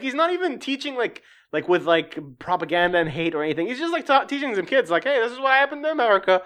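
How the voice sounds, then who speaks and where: This is an offhand spoken review, full of restarts and filler. The speaker drifts into profanity and dry sarcasm, rising in pitch whenever something annoys them, and settles back to a middling register in between. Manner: animated, pitch climbing when worked up. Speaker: show reviewer.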